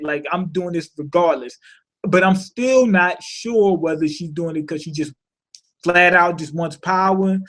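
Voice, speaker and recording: A man with a fairly high voice talks through a cartoon episode in a relaxed, profane recap. He pads his thoughts with slang and fillers and keeps stopping to ask rhetorical questions. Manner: animated, thinks aloud with rhetorical questions. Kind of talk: casual spoken recap.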